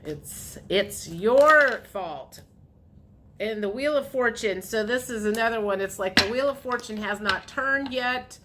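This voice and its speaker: A woman reads tarot cards for an unseen audience in a loose, chatty monologue, circling back and repeating herself as she thinks aloud. Her voice sits somewhat high. A faint noise hangs under the recording. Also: measured pace. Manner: chatty, repetitive, acts out voices of the viewer. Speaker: tarot reader. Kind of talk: casual tarot reading monologue.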